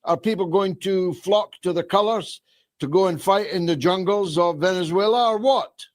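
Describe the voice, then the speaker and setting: Guy hosting an interview, a bit high-pitched, pushing leading questions. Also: normal speed.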